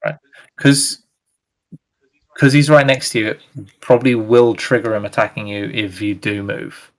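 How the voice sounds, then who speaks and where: A man's voice: lowish voice, steady tone, normal speed. A man running a tabletop game as game master, laid-back, laughing often and swearing casually.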